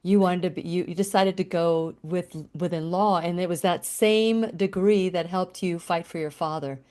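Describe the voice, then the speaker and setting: A woman's voice: fairly low pitch, steady tone, normal speed, a little mellow. A woman hosting a radio interview, asking questions in an encouraging way with some fillers. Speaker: radio show host. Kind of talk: interview conversation.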